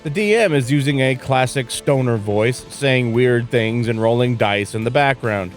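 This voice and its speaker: A man narrating a scripted tribute video in a measured, even reading. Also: medium pitch, soft background music.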